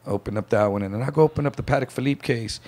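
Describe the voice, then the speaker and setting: A man's voice: medium pitch, racing, a little mellow. A man telling a story on a casual podcast, acting out the voices of the people in it. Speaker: podcast guest.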